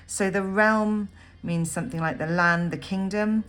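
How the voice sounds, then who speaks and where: A woman teaching a poem in a recorded lesson, thinking aloud with frequent ums and pausing as she annotates notes on the page. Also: medium pitch, a bit bright, faint music behind. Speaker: literature teacher. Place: at a desk writing notes.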